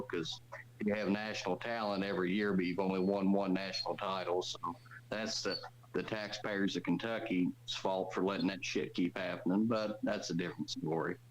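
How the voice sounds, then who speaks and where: A man's voice: sits low, a little hiss or hum, low-quality recording. A man calling into a sports talk show, rambling and blunt with some swearing. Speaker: caller. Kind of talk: casual call-in chat.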